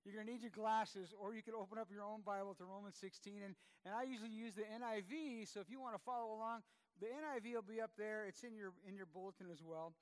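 Pastor, high-pitched, chatty self-deprecating sermon to his congregation. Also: fairly even intonation, quick pace, clear, resonant tone. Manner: conversational, self-deprecating, with many fillers and restarts. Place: church.

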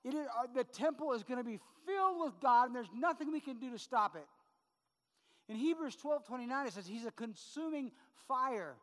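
A middle-aged man preaching a sermon as pastor, conversational and full of quick "right?" asides to the congregation. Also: extremely high pitch, lively intonation, a bit bright, long reverb tail.

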